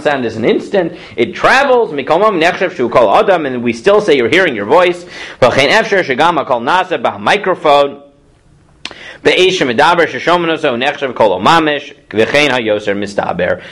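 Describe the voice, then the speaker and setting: A man with a fairly high voice teaches a class of students as a rabbi, and his pitch jumps around a great deal. He reads passages aloud and then unpacks them in English, stopping to ask the room questions. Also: a bit bright. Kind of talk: lecture on Jewish law.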